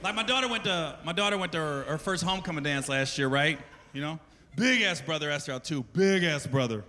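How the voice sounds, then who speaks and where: A man in his forties doing a profane stand-up comedy set, telling animated stories in put-on voices. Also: fairly high pitch, fairly quick, a little hiss or hum. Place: large theater stage before a laughing audience. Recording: live concert recording with loud crowd and long reverb.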